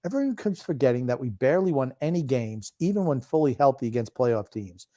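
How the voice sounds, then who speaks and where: A man's voice: mid-range voice, sing-song, a little fast, dark tone. An older man co-hosting a sports podcast, grumpy and teasing in casual chat. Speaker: podcast co-host.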